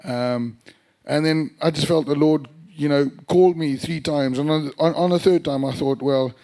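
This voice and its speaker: A middle-aged man from South Africa, a pastor, telling his life story casually with many pauses, fillers and restarts. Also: fairly high pitch, mellow. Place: church during a live music evening.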